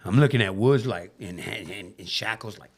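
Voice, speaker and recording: A man telling his life story as a podcast guest in casual, animated storytelling, swearing freely and acting out the voices of the people in his story. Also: moderate pace, breathy edge. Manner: drops low and quiet on emotional moments.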